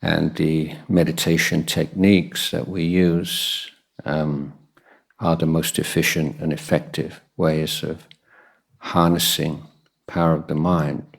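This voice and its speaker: A man, a Buddhist monk, giving a guided meditation talk at a retreat, pausing often with soft fillers. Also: very deep voice, level tone, creaky.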